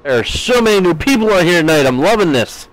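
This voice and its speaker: A man's voice: sits high, big pitch swings, quick pace, no echo, poor audio. A man from the United States in his thirties, streaming a game live and chatting with his viewers, reading their messages aloud with playful jokes.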